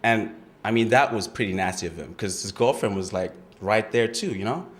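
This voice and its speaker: A man's voice: fairly low pitch, normal speed, natural voice. An actor playing a young streetwise man testifying at a murder trial, in a rambling, defensive, slangy way. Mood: laid-back. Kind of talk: audition monologue.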